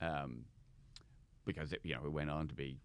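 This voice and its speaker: A man's voice: very deep voice, fairly even intonation, normal speed, creaky, slight background noise. A man, a comedian guest, telling rambling anecdotes with lots of restarts in a casual chat.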